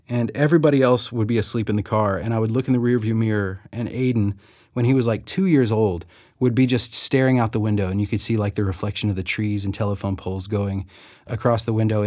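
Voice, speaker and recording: A man's voice: fairly low pitch, brisk, darkish tone, dry recording. Chatty self-deprecating man, dry studio sound. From Southern United States. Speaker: author and audiobook narrator. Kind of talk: reflective interview monologue.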